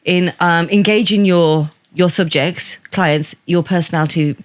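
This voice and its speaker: A woman's voice: on the low side, unhurried, no echo. A woman, a podcast guest, talking frankly and playfully in casual chat. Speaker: podcast guest, wedding photographer.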